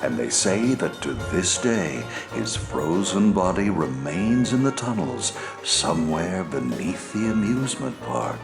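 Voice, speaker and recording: An actor playing a father at a carnival who tells his son a spooky local rumor in folksy, drawn-out game dialogue. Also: deep voice, sing-song, gravelly, heavily acted. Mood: spooky storytelling. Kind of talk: video game voice acting. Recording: game audio with music underneath. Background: game music.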